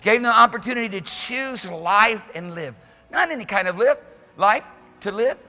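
Male pastor, fervent rhythmic sermon, high bright tone, faint music behind. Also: lively intonation, normal speed, long reverb tail. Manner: impassioned preaching with shouted peaks; repetitive, rhythmic exhortation. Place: church service.

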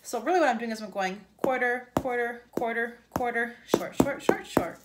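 A woman's voice: fairly high pitch, moderate pace, heavy background noise. A woman music teacher giving an upbeat virtual lesson to young children, chanting rhythms for them to repeat.

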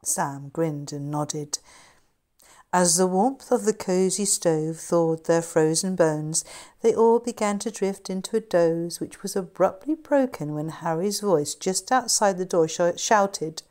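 A middle-aged woman, an author, narrating her novel in a measured, steady storytelling manner. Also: on the low side. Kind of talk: scripted narration.

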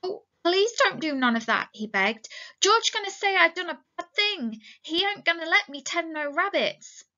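A woman's voice: medium pitch, unhurried, pushed and bright. A woman reading as a frightened, childlike big man. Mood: pleading. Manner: childlike, repeats himself. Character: big simple-minded man, frightened and pleading. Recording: dull lo-fi recording.

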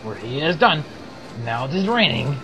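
A man's voice: on the high side, sing-song, normal speed, vocal fry, sharp tone, faint music behind. Playful man narrating a game. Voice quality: scratchy throat. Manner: playful, silly self-narration. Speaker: let's play host. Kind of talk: game commentary.

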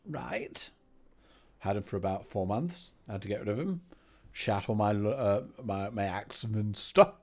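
A man playing Sir Jeremy, a gravelly blustering old toff. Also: lowish voice, animated, measured pace, darkish tone. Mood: gruff banter. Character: pompous blustering old English gentleman, boastful adventurer. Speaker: game player. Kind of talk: comedic let's-play banter.

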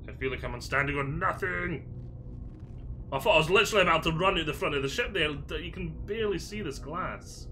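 Over a noisy background, a Scottish man in a mid-range voice chats and jokes his way through a video game walkthrough, thinking aloud along the way. He makes gaming videos, and this is casual commentary.

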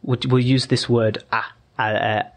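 A man's voice: mid-range voice, flat delivery, a little slow. A man, a podcast guest, explaining patiently in a casual conversation, often restarting his sentences.

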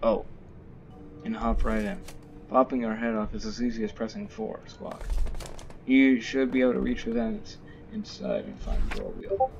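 A man's voice: mid-range voice, sing-song, normal speed, vocal fry, a little mellow, dull audio. A man voicing a pompous, bossy talking male seagull from a video game, with game music behind. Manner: haughty, bossy, reading dialogue aloud.

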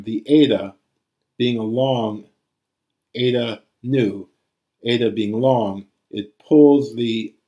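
A man's voice: fairly low pitch, mellow. A man teaching Greek grammar in a recorded lecture, reciting forms aloud.

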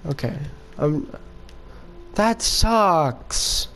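A man giving casual gameplay commentary with excitable, cursing outbursts. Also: on the high side, drawn-out words, a little hiss or hum. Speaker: gaming video creator.

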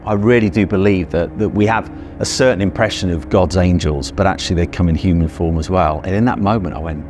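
A man's voice: low voice, a little fast, hardly any pauses, darkish tone, faint music behind. A middle-aged British man earnestly telling a vivid personal story and acting out his own past thoughts. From Britain.

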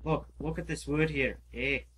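A man's voice: a little high, steady tone, normal speed, heavy background noise. A man gaming with a friend in casual chat, jokey and playful. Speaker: gamer.

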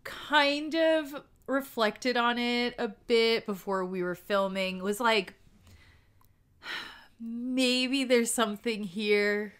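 A woman's voice: on the high side, fairly even intonation, very slow, a bit bright, smooth. A woman co-hosting a book podcast in casual chat, who laughs often. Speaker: podcast co-host.

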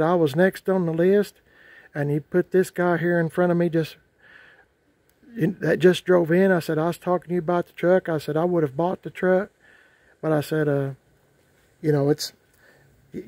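A man's voice: high-pitched, gravelly, darkish tone, no room sound. A middle-aged man, ranting casually to his vlog audience, rambling and repeating himself in a folksy way. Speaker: vlogger. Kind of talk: casual rant to camera.

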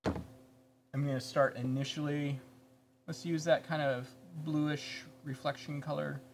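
A man's voice: on the high side, takes it slowly, a little hiss or hum. A man co-hosting a painting tutorial, chatting casually and thinking aloud as he paints. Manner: relaxed, chatty, thinks aloud while working. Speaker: painting instructor, co-host.

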